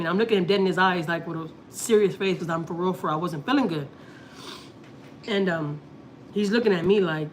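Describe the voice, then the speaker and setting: A woman's voice: fairly low pitch, fast talker, a little hiss or hum. A woman from Texas, chatting casually on a family vlog live stream and telling a long story, repeating herself often. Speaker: family vlogger.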